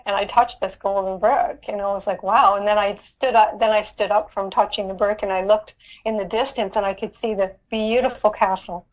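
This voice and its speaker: A woman's voice: medium pitch, fairly even intonation, brisk, few pauses, lo-fi sound. A woman guest on an interview podcast, recounting a personal experience earnestly, often repeating words and laughing. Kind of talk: interview storytelling.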